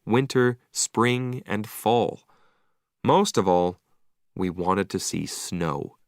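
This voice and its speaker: A man reading a story aloud slowly and clearly for English learners, with expressive delivery. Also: lowish voice, no echo, studio quality. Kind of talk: slow read-aloud story narration.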